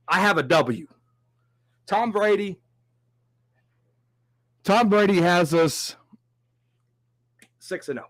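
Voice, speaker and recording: Energetic sports stream host man. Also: a little high, dry recording. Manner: animated, reads viewer comments aloud. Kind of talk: live-stream sports talk.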